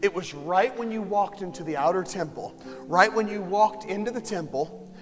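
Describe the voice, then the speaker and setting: High-voiced impassioned preacher in a reverberant church. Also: male voice, moderate pace. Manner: impassioned, swings from hushed to shouting. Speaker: pastor. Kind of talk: sermon. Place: church sanctuary. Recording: long hall reverb, faint music.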